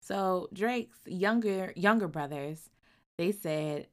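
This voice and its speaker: Animated storytelling woman, lowish voice. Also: takes it slowly. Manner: animated storytelling, acting out characters' lines, loud outbursts; colloquial, chatty asides. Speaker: book reviewer. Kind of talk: casual book recap.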